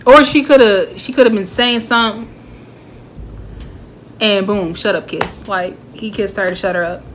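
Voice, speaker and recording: A young woman reviews a movie she loves in a casual, chatty vlog. She talks animatedly, at a middle pitch. Faint music plays underneath. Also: normal speed. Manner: chatty and animated, with quoted dialogue.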